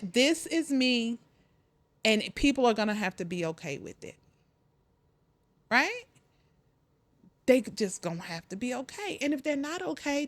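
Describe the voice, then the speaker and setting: A woman's voice: fairly high pitch, no echo. Southern woman preaching to "y'all". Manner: animated, preachy, talks straight to listeners with lots of "listen, y'all". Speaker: podcast host and life coach. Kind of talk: faith-based motivational talk.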